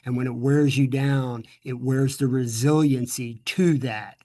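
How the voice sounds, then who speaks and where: A man's voice: medium pitch, steady tone, unhurried, warm tone. A middle-aged man from the United States, answering interview questions earnestly, often repeating words and restarting sentences. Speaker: guest speaker.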